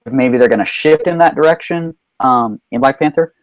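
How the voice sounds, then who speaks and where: A man's voice: mid-range voice, fairly quick, no room sound, rough recording. A man hosting a casual live-stream movie chat with his brother, talking loosely with many fillers and restarts. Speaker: host.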